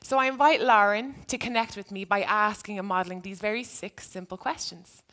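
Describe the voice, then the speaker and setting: Brisk and pushed-bright at a medium pitch, a woman who once taught addresses an audience. She tells a story from her classroom in an earnest, reflective manner.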